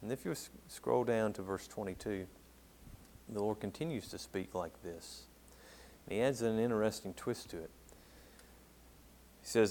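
Preacher guy reading scripture, lowish voice, gets loud on big words then drops off, asks the crowd questions. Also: moderate pace, long pauses. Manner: emphatic, swells loud on key words and drops low at phrase ends. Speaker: pastor.

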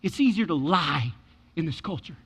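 A man preaching a sermon as pastor, animated and repeating his key words for emphasis. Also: on the high side, moderate pace, husky, long reverb tail.

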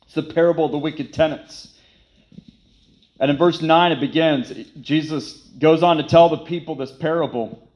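A man's voice: a little high, fairly even intonation, normal speed, a little mellow, poor audio. A man preaching a sermon, emphatic and repetitive, who poses rhetorical questions and then answers them. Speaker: pastor.

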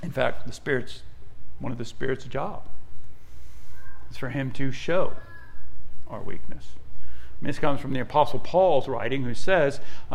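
A man's voice: unhurried, creaky. A middle-aged man preaching a sermon as a pastor, mixing conversational personal stories with fervent, rising emphasis. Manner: rises to fervent, high-pitched emphasis at key points.

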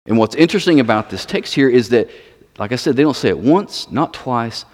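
A man's voice: medium pitch, animated, brisk. A man preaching a sermon, emphatic, repeating words for stress. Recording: long reverb of a large hall.

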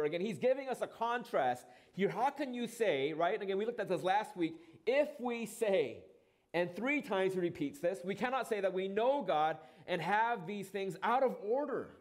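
Man preaching, pastor, earnest sermon, rhetorical questions, fairly high voice, drops low on scripture. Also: expressive, moderate pace.

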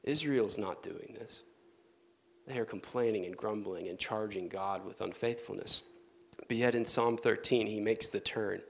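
A man preaching a sermon in an earnest manner, dropping to soft, low tones for emphasis. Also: unhurried, creaky, a little hiss or hum.

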